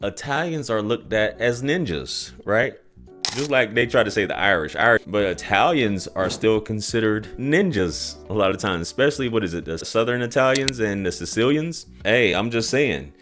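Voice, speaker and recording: A man's voice: lowish voice, lively intonation, moderate pace, a bit bright. A man from the United States hosting casual commentary on clips, musing and thinking aloud with asides. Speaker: host commentator. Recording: faint music behind.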